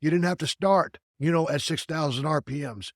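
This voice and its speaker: A man's voice: a little high, moderate pace, dry recording, clean studio sound. Folksy, blunt man hosting a podcast. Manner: folksy, blunt, casual cursing. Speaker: podcast host. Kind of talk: podcast conversation.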